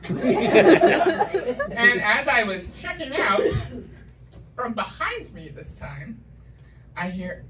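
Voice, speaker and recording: On a comedy stage before a loud live crowd, a woman from New England tells wry, self-deprecating stories full of punchy asides. Her voice sits on the high side, swings widely in pitch and moves extremely slowly with frequent pauses. The mic captures her from afar, with slight background noise.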